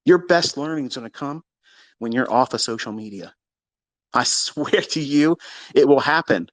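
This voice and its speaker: A man's voice: fairly high pitch, no room sound. Profane, combative man ranting live. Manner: profane, combative, boastful, swings from mutters to shouts. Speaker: host of live audio space. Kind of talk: ranting monologue on a live audio space.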